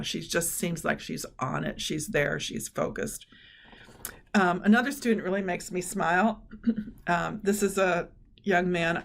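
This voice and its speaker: A woman's voice: lowish voice, gravelly. A middle-aged woman giving a webinar presentation on learning, talking in an earnest, explanatory way with frequent fillers. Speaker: presenter on cognitive training.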